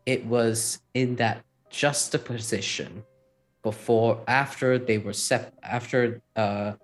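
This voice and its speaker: A man's voice: medium pitch, steady tone, soft background music. A man narrating a tabletop game as game master, thoughtful and full of fillers. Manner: slow, thoughtful, with many fillers.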